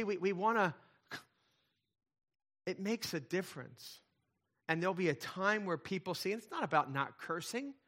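Man, sermon, bright tone, slightly high pitch, chatty storytelling, emphatic swells. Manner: conversational, swings from soft asides to loud emphatic points. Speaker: pastor.

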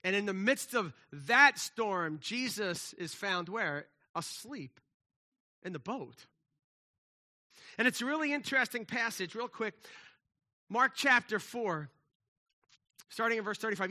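A man preaching a sermon, casual and conversational, with slang, moving between lively emphasis and hushed, soft passages. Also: very high-pitched. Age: adult with children. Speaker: pastor.

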